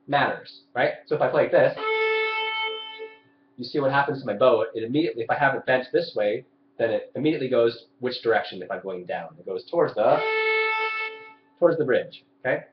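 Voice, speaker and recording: A young man teaches a live violin lesson over his webcam mic, explaining, demonstrating and asking his viewers questions. His medium-pitched voice is brisk with lively intonation and frequent pauses, heard over music in roomy, dull webcam audio.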